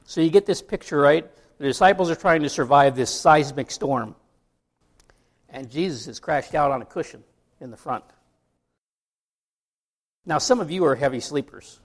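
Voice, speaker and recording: Preaching at a measured pace with frequent pauses, a middle-aged U.S. pastor uses a slightly high voice. He keeps things conversational, with asides and rhetorical questions directed at the congregation.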